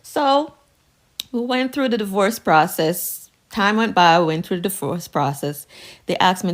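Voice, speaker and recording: A woman's voice: medium pitch, expressive, unhurried. A woman telling a personal storytime tale to her viewers in a casual, sassy, conversational way. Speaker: storytime video creator.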